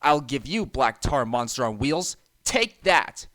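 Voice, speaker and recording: A man voicing a proud, hot-tempered young male steam engine, indignant and then shouting in panic. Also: mid-range voice, very animated, unhurried.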